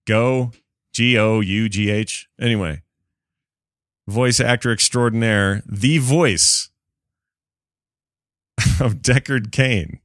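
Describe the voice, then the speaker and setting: A man hosting a podcast, chatting casually with an excitable, joking manner. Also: fairly low pitch, dry recording, clean studio sound. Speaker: podcast host.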